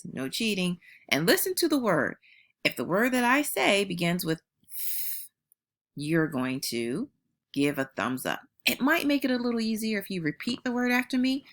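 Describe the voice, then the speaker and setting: Warm-hearted woman teacher, bright lively delivery, slow clear modeling of sounds for young kids. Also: fairly low pitch. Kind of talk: phonics lesson for young children.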